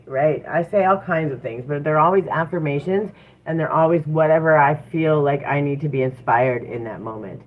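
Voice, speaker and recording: A woman's voice: low-pitched, moderate pace. A woman giving a casual livestream tarot reading, chatty and encouraging, with frequent fillers. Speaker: tarot reader. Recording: tinny phone-like audio with faint noise.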